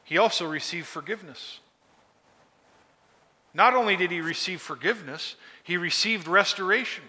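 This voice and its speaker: A man's voice: high voice, normal speed, pushed and bright, long reverb tail. A man preaching a sermon in a folksy, conversational way, often asking his listeners questions. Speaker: pastor.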